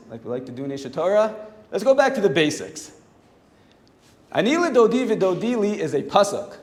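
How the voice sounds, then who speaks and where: A man, a rabbi, teaching a Torah class in a lively, animated way and acting out the quoted voices. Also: sits high. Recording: echoey hall with long reverb.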